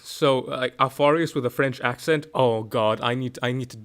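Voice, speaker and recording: Excitable, swearing young man streamer. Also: medium pitch, moderate pace. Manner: excitable, swears a lot, rambling with restarts. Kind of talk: casual chat.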